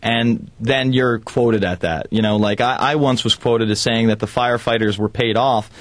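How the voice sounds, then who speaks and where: A male radio guest who talks in an animated, rambling way as he defends himself. His voice sits at an ordinary pitch. The sound is dry and close, with no room around it. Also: moderate pace, dry recording. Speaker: studio guest. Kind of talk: radio talk show conversation.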